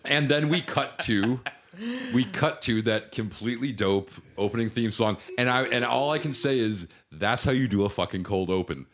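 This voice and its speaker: A man's voice: mid-range voice, moderate pace, a bit bright. A young man co-hosting a casual podcast chat, rambling through a movie plot and laughing often. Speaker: podcast co-host.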